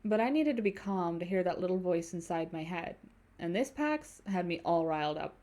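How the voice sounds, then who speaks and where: A woman's voice: fairly low pitch, animated, moderate pace, dark tone. A young adult woman streaming a story game, reading narration aloud and chatting casually with viewers, cursing freely. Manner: casual, swears freely, chats with viewers between passages.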